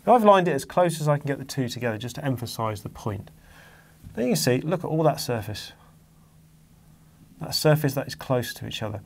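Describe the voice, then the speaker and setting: A man's voice: mid-range voice, expressive, a little fast, gravelly, long pauses. Man, chemistry teacher, exam-focused lesson, patient, emphatic on key words.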